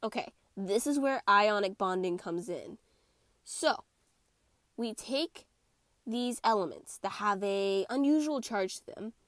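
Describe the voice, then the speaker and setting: A young woman with a stuffy, congested voice, hosting a playful, animated chemistry lesson. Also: medium pitch, takes it slowly, no echo, clean studio sound. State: congested from a cold. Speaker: chemistry video host. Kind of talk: casual explainer lesson.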